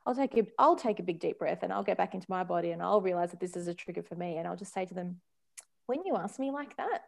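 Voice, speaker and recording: Lively woman guest, chatty and laughing. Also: on the low side, racing, gravelly. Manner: animated, laughs often, acts out voices in quotes. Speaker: podcast guest, parenting consultant. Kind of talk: casual conversational chat.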